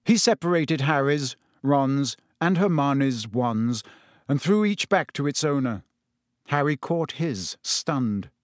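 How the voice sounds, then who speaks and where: A man giving an expressive, deliberate audiobook narration. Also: mid-range voice, dry recording, clean studio sound.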